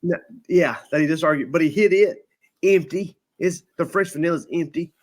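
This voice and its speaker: With a fairly high voice at a moderate pace, a podcast host casually recounts a lengthy comic tale. He's lively about it, doing impressions of everyone he quotes.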